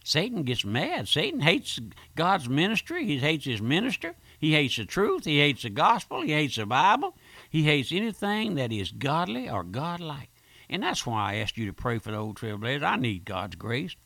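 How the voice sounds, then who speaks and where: A man preaching a radio sermon with fervor, using rhetorical questions and driving repetition. His voice is fairly high and bright, and it swings widely in pitch. The sound is close and dry. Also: huge pitch swings, moderate pace, gravelly, dry recording. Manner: fervent preaching, rhetorical questions, repeated phrases. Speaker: pastor and radio host.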